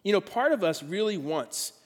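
A middle-aged man preaching a sermon as a pastor, telling stories with self-deprecating humor and lively delivery. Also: high-pitched, normal speed. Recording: long reverb of a big hall.

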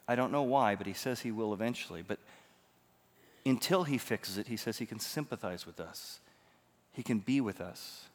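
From a church pulpit, a pastor with a fairly low voice preaches at normal speed. His sermon alternates between near-whispered stories and booming, emphatic stretches, all trailed by long reverb from the spacious sanctuary.

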